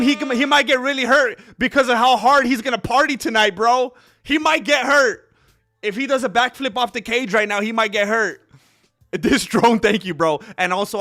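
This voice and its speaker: A man hosting a live stream, rambling casually to viewers and calling the fight with excitable outbursts. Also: very high voice. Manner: rambling, talkative, addresses viewers as bro; excitable, loud bursts when reacting.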